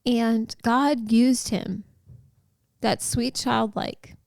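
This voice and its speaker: A woman with a slightly high voice tells a personal faith story as a podcast host. She speaks unhurriedly and heartfelt, in a chatty way with many likes and you-knows. The sound is dry and close, with little room echo. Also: fairly even intonation, slow, gravelly, a little mellow.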